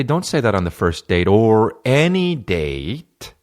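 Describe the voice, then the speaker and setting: A man's voice: fairly low pitch, sing-song, takes it slowly, hardly any pauses. A man hosting a solo comedy podcast, reading out fan questions and riffing in a profane, sarcastic way. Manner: profane, sarcastic, jumps into mocking voices.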